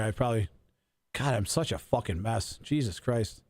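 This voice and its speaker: A man's voice: medium pitch, animated, fairly quick. A man in his forties in loose, profane, rambling chat on a radio talk show. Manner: profane, rambling banter with restarts. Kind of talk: casual chat.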